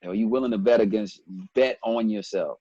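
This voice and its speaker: A man in his forties from Ethiopia, a guest telling stories in a relaxed interview, animated and quick to quote others. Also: lowish voice, husky, no echo, dull audio. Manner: animated storyteller, breaks into quoted voices and laughs. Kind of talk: casual storytelling interview.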